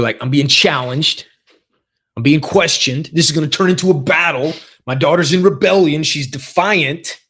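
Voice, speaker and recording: A man in his forties hosts a casual solo podcast, talking in a fairly high voice. He tells stories with animation, jumping his pitch around when he acts out the people in them. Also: breathy edge. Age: 40s. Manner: animated storytelling, quoting family members in lively voices. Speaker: podcast host.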